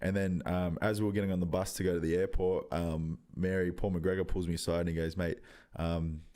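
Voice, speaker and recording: Young australian man, very low voice, rambling storyteller, swears a lot, lots of ums. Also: little pitch movement, quick pace, warm tone. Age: 20s. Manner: loose storytelling, heavy swearing, many ums. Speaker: podcast guest, rugby league player. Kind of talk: casual podcast chat.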